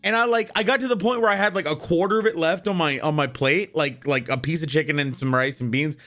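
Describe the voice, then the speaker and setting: A man's voice: fairly high pitch, quick pace, fairly bright tone. A young man streaming live, chatting casually and greeting his viewers one by one in an upbeat, rambling way while his voice is wearing out. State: losing his voice.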